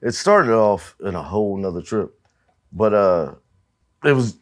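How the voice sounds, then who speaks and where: A man's voice: lowish voice, lively intonation, unhurried. A man, a musician guest, chatting casually in an interview and swearing freely as he tells stories about touring. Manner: profane, storytelling, laughs at own anecdotes.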